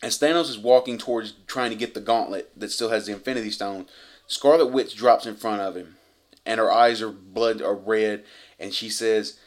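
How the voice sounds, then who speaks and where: Excited man gushing through a movie recap. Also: fairly low pitch, moderate pace. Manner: profane, effusive, rambling retelling. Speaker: movie reviewer.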